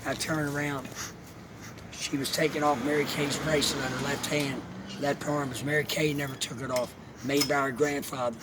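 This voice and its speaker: A man telling a heartfelt personal story in a rambling, halting way, as a vlogger. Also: medium pitch. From Alabama. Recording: steady background noise, vehicle sounds.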